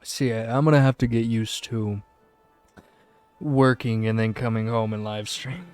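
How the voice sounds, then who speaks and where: A man's voice: medium pitch, steady tone, a little slow, a little mellow, clear, resonant tone, no echo, soft background music. A man streaming a game, chatting casually, giggling often and reading on-screen text aloud, sounding worn out. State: tired. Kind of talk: casual live-stream commentary.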